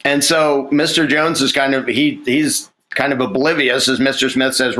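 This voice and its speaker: Bright-voiced man rambling about a script. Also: mid-range voice, steady tone, moderate pace, few pauses, rough recording. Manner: rambling, many restarts and fillers, acts out lines. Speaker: screenwriter. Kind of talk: casual conversation about a film script.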